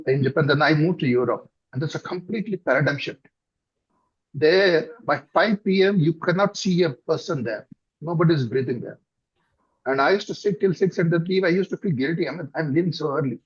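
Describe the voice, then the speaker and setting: Man, South Indian accent, middle-aged, husky, halting and thoughtful, lots of fillers, muffled lo-fi sound. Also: a little high, lively intonation. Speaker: company director, guest. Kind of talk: conversational interview answers. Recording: dull lo-fi recording.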